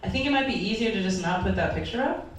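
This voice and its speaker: A woman pastor delivers an earnest, heartfelt sermon, her voice at times wavering near tears. She sits at a middle pitch and is picked up from some distance in a big church hall. The sound rings with heavy echo over a faint hum of room noise. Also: expressive, fast. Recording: echoey hall from far off.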